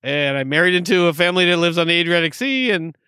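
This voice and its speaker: A man's voice: a little high, animated, fast talker, bright, forceful tone, clear, resonant tone, no room sound, studio quality. A man in his forties from upstate New York, co-hosting a casual chat and rambling with trailing asides. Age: 40s. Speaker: podcast co-host. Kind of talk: casual chat tasting beer.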